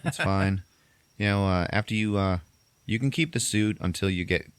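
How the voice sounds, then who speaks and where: A man voicing a calm, patient woman who runs a charity, talking mild and reasonable. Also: low-pitched, normal speed, clear, resonant tone, no echo, close to an everyday voice. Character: calm female charity manager, polite and patient.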